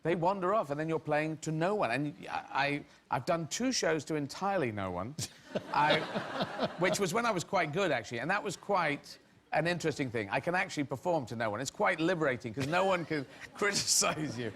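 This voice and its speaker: A man's voice: a little high, lively intonation, brisk, noisy background. A middle-aged man from England, a comedian guest on a talk show, telling rambling stories that he often breaks off and laughs through. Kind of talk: anecdotal talk show storytelling.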